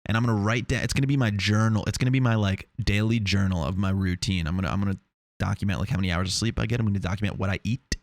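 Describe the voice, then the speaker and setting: Young long island dude w/ new riffing on his podcast, low-ish voice, dead dry room, swears a lot. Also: racing, no room sound. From Long Island, New York. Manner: rambling, profane, excitable, many restarts. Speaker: podcast host. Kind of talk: casual solo podcast monologue. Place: small foam-treated home room. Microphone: lav or shotgun mic in a home studio.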